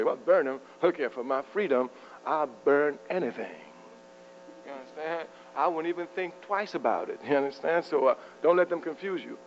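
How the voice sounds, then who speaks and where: A man's voice: fairly high pitch, brisk. A man giving a fiery, provocative political lecture to a live audience. He is emphatic and keeps chuckling at his own jabs. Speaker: political speaker. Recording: muffled lo-fi with faint mains hum.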